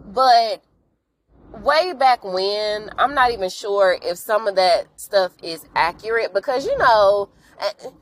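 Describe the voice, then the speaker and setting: A woman's voice: medium pitch, a little hiss or hum, poor audio. Chatty woman host recapping with slangy asides. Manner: animated storytelling with frank, slangy asides; acts out characters' lines in quick voices. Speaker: podcast host recapping a TV episode. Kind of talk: casual chat.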